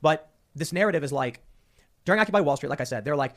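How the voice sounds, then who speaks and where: A man from Chicago hosting a podcast, talking in a rapid, emphatic way and repeating words as he presses his points. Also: a little high, animated, a bit bright. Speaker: podcast host. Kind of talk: casual chat.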